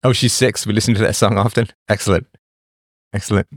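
A middle-aged man hosts a casual livestream, answering viewer questions with blunt advice, chatting, laughing often and drifting off topic. His voice is fairly low with fairly even intonation and a fairly quick pace, in a dry, studio-quality recording.

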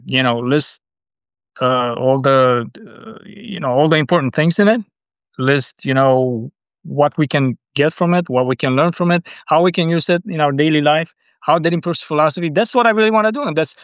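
A man's voice: a little high, dry recording, dull audio. A man interviewing an author and talking about reviewing his book, earnest and hesitant with stammering restarts. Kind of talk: conversational interview.

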